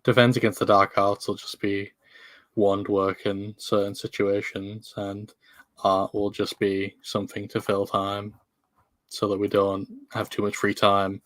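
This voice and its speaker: A tired man speaking in a flat monotone over a video call. His voice is low-pitched and dry, with no room sound, and there is no lift in his delivery at all. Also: dry recording. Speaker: player. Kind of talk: casual play at the table.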